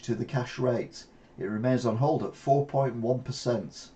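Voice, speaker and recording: The channel host, an older Englishman, has a mid-range, dark-toned voice and talks a little slowly over lo-fi audio. He rambles through news stories in casual commentary, dropping in wry asides.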